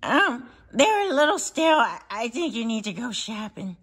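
A woman playing a cheeky neighbor boy who mooches food, speaking slowly and deadpan. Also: fairly high pitch, exaggerated voice. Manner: slow, gravelly deadpan.

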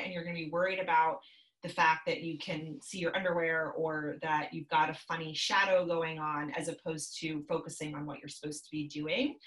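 Woman in her thirties, coach, slightly low voice, chatty and upbeat, echoey video call from a home office. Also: bright, forceful tone. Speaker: business coach guest. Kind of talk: casual advice talk over video call.

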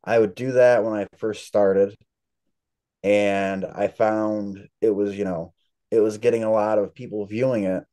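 A man's voice: fairly low pitch, fairly even intonation, measured pace, mellow. A man being interviewed as an author, telling long, rambling stories in a casual chat. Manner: chatty, rambling storyteller. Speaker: author guest.

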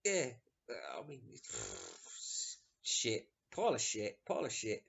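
A man's voice: fairly low pitch, wildly swooping pitch, takes it slowly, vocal fry, a bit bright, slightly rough. A man giving a sweary, sarcastic rant while reviewing an album. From England. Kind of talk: ranting casual review. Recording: dull lo-fi recording.

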